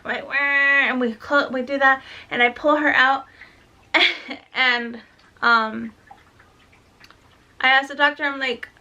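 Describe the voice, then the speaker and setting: Bright-voiced tired mom telling a story. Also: female voice, high voice, steady tone, slow, pauses often, lo-fi sound. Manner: rambling, swears, acts out dialogue. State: tired, lightheaded. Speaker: mother vlogging about her daughter. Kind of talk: casual storytelling vlog.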